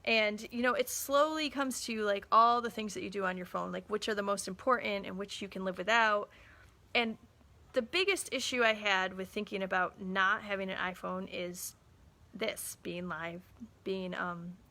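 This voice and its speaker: In a casual live talk, a woman in her thirties, a mother and small business owner, relates a story in a chatty way and acts out the quoted lines. Her voice is medium-pitched and sharp, with a steady tone and a normal speed.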